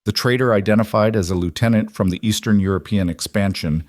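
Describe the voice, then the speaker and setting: A man narrating a scripted romance audiobook in a smooth, even storytelling manner. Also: fairly low pitch, fast, no room sound, clean studio sound.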